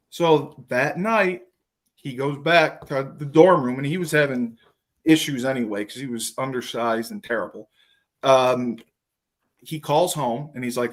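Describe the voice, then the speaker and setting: A man hosting a podcast, telling profane, animated stories and acting out what others said in casual chat. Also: mid-range voice, unhurried. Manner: profane, animated storytelling with acted quotes. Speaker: podcast host.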